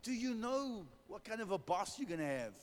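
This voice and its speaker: A man's voice: high-pitched, very animated, moderate pace, in a large hall, a little hiss or hum. A man preaching a sermon, telling a humorous story and calling for amens. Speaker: pastor.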